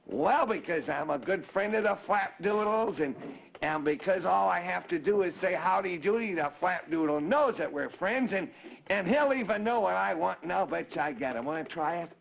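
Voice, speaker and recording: A man's voice: high-pitched, animated, moderate pace, vocal fry, full character voice. A man voicing a cheerful, eager boy puppet who stammers and chatters earnestly. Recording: dull 1950s TV broadcast audio.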